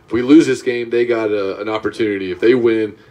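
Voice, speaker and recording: A man's voice: lowish voice, steady tone, fast, a little mellow. A man from Georgia hosting a podcast, telling a sports story in a laid-back, casual way. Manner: laid-back, says "dude" and "right?" often. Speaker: podcast host. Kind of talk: casual chat.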